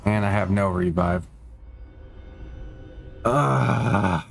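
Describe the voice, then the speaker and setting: A man's voice: extremely slow, creaky, soft background music. A young man streaming a game, chatting casually and rambling, swearing a lot and talking to his cats. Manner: rambling, profane, talks to his cats in a high baby voice.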